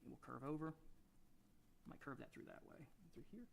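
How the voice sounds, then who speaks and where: A man teaching a drawing lesson, talking through each stroke as he sketches and often trailing off quietly. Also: on the high side, brisk, vocal fry, a little hiss or hum. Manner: relaxed, thinking aloud while sketching, often trailing off quietly. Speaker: drawing instructor.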